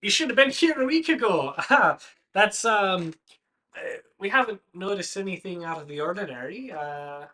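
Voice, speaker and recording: A man voicing a cheerful, chatty male farmhand with an Irish accent, high and bright. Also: animated, normal speed. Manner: friendly, rambling, laughs easily.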